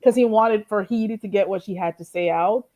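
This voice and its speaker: A woman's voice: mid-range voice, a little fast, warm tone. A woman hosting a casual gossip chat, insistently explaining what happened. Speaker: host.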